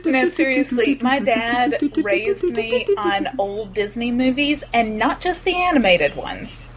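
A woman's voice: a little high, sing-song, slow pace, crowd noise. A woman co-hosting a podcast in casual chat, laughing often. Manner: giggly and chatty, laughs often. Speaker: podcast co-host.

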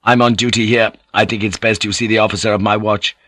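A man voicing a brisk, stern samurai guard with curt politeness in an audiobook reading. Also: fairly low pitch, little pitch movement, sharp tone, dry recording.

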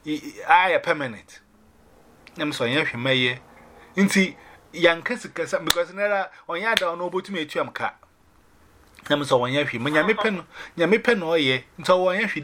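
Man, fairly high voice, animated storytelling, personal testimony. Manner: animated storytelling, mixing in English phrases.

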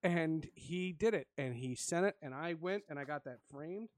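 A man casually telling an animated story with frequent laughs. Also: fairly high pitch, normal speed, dry recording.

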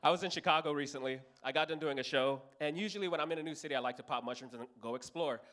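A man in his thirties from Los Angeles does a stand-up routine at a comedy club, telling a profane story to an audience. Speaking very fast in a slightly high voice, he animates the characters with different voices.

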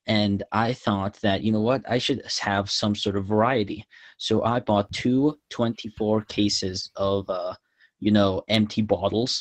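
A young man telling a story on a podcast in an excitable, halting way, often restarting his sentences. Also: fairly low pitch. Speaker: podcast guest. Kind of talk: casual storytelling.

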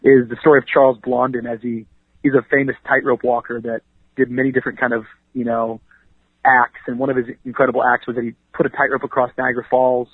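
A fast-talking man with a husky voice makes his points with a preacher's energy. He speaks like a pastor, dropping 'you know what I mean' into his sentences. He comes through a dry, tinny phone line. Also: medium pitch, level tone, no echo. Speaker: pastor and author, interview guest. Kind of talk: conversational radio interview.

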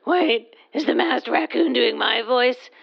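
A woman playing a grumpy female tour site worker in a comedy radio play, with a rough, gravelly voice and a flat, grumbling delivery. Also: fairly high pitch, measured pace, highs cut off, full character voice. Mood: scornful.

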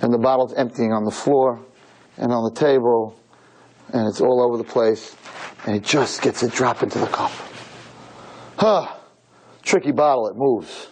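A rabbi preaching a sermon to young women, telling a story dramatically and rising to shouts. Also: male voice, medium pitch, moderate pace, long pauses, slight background noise, rough recording. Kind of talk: sermon to girls.

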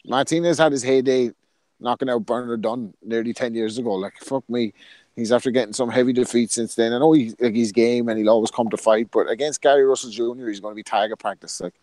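A man's voice: mid-range voice, fairly even intonation, quick pace, a little mellow, no room sound. A man chatting casually on a podcast, emphatic and profane. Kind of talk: casual boxing chat.

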